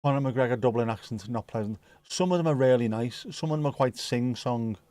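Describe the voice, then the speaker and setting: A man's voice: medium pitch, fairly quick, mellow, dry recording. Wry, chatty man streaming. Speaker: watch-along streamer. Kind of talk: casual live stream chat reading viewer comments.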